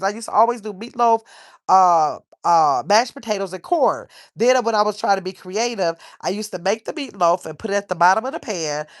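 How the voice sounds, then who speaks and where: With a fairly high, gravelly voice, a chatty woman hosts a livestream where she rambles and reads viewer comments out loud. It's a dry recording of clean studio quality.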